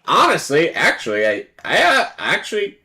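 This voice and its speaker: A woman's voice: lowish voice, huge pitch swings, moderate pace, sharp tone. A woman streamer giving casual commentary on a card game, playful and sarcastic, acting out both sides of the table and swearing freely.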